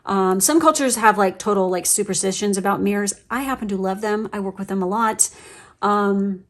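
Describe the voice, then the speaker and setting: A woman's voice: mid-range voice, moderate pace. A woman giving a casual, emotional tarot reading, chatty with lots of fillers and the odd swear word. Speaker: tarot reader.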